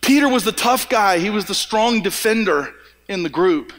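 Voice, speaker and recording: Male pastor, high voice, energetic joking sermon, long hall reverb. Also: moderate pace. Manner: energetic, joking, repeats words and restarts. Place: church hall.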